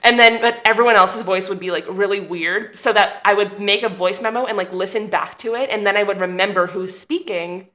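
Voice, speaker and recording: A woman's voice: mid-range voice, a little fast, hardly any pauses, sharp tone. A woman actor chatting in a casual interview, bubbly and full of fillers. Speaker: actor guest.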